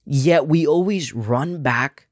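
A man's voice: fairly high pitch, takes it slowly, no room sound, studio quality. Earnest man reflecting on faith. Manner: earnest and reflective, drawing lessons. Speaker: podcast co-host. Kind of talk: casual Bible discussion.

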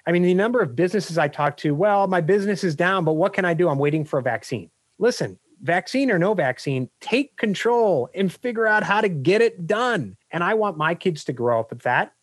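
A man with a slightly high voice talks as a podcast guest and business coach. He tells stories with energy and animation, pushing his points hard. The recording is dry and close-miked. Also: no echo. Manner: energetic, anecdotal, animated storyteller. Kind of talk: podcast interview storytelling.

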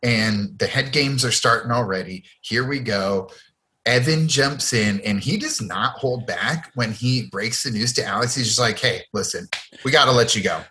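A man's voice: mid-range voice, a little slow, pushed and bright. A man co-hosting a podcast, chatting casually and animatedly, laughing as he retells scenes. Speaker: podcast co-host. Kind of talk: casual chat.

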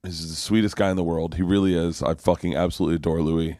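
A man's voice: sits low, fast, no room sound, clean studio sound. A man in his forties, a comedian, telling a rambling story in casual chat, swearing and restarting often. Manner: rambling, profane, animated storyteller with many restarts. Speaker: comedian guest.

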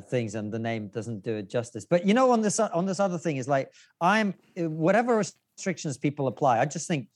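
A man's voice: medium pitch, a little mellow. A man talking as a podcast guest, wry and opinionated, arguing his points in casual conversation.

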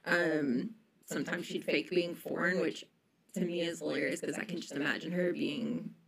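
Young woman, casual podcast storyteller, loose and chatty, slightly low voice. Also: steady tone, normal speed, gravelly, fairly bright tone, breathy edge, poor audio. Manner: chatty storytelling, many ums and likes. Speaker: podcast co-host telling a history story.

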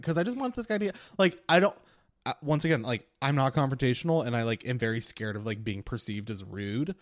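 Animated young man telling a story. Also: mid-range voice, a little fast, no echo. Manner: animated storytelling, frequent laughter. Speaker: podcast co-host. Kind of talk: casual podcast chat.

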